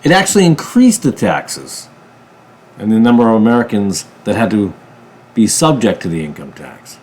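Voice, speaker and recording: A man from a ministry channel giving a political commentary monologue, emphatic, jumping from loud bursts to low mutters. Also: sing-song, normal speed, breathy edge. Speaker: ministry preacher.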